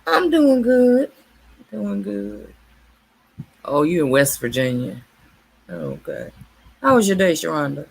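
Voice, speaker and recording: A woman's voice: low-pitched, very animated, slow pace, gravelly, long pauses, husky. A woman hosting a casual late-night livestream, chatting with viewers by name and laughing often. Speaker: livestream host.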